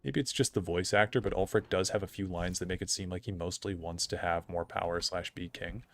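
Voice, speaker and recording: A man's voice: deep voice, steady tone, a little fast. A young man streaming a game, chatting casually in a rambling, opinionated way full of fillers. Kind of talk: casual gameplay commentary.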